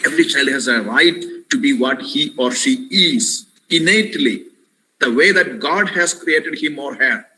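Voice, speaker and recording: This impassioned parenting lecture comes from a man with an Indian English accent speaking over a webinar headset or computer mic. His voice is on the high side, expressive, a little slow, bright and forceful, and he preaches earnestly, addressing "my dear friends" and repeating words for emphasis. The audio is poor, with a little hiss or hum.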